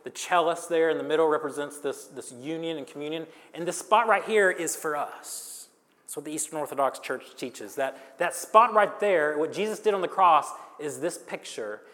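A man preaching a sermon, dramatic, swinging between loud and hushed lines and joking with the congregation. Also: fairly high pitch, moderate pace. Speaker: pastor. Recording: long reverb of a large hall.

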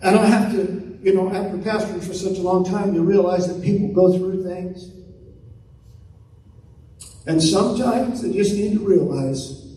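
A middle-aged man preaching as a pastor, swinging from hushed lines to loud calls and asking for amens. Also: high-pitched, normal speed, long pauses, very echoey, distant mic, rough recording. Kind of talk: sermon. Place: church sanctuary.

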